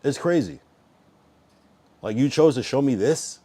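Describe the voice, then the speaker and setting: A man's voice: mid-range voice, animated, unhurried, dark tone, slightly rough. A young man hosting a livestream, chatting loosely, swearing freely and trailing off into mumbles. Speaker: livestream host. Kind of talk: casual rambling chat.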